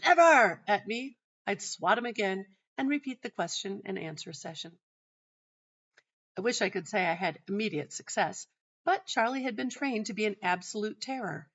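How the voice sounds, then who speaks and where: A middle-aged woman hosting a teaching show, telling a personal story in a calm, measured way. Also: medium pitch. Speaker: host and teacher. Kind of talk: narrating a personal teaching anecdote. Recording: dull lo-fi sound.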